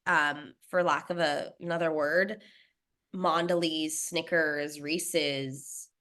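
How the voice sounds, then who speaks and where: A young adult woman with a low, slow voice tells her story as an interview guest and snack brand founder. She chats away, laughs often and quotes others in spirited asides.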